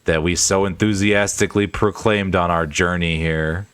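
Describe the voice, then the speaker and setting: A man voicing a quiet, formal young scholar, speaking in stiff and measured sentences while reading game dialogue on a live stream. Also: sits low, fairly even intonation, smooth, no room sound, pitched below the performer's own voice. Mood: solemn.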